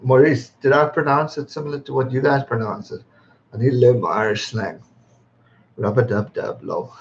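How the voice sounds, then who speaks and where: A man's voice: mid-range voice, fairly even intonation, normal speed, a little hiss or hum. A man in his twenties from England, hosting his birthday livestream, chatting casually, reading out viewer comments, laughing often and swearing freely. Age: 20s. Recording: slightly dull lo-fi stream audio.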